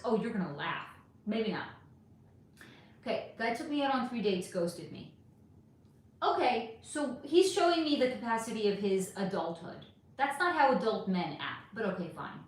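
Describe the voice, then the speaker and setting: A middle-aged woman hosting a casual livestream, reading chat comments aloud and ranting with plenty of swearing. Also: a little high. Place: home room. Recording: echoey room.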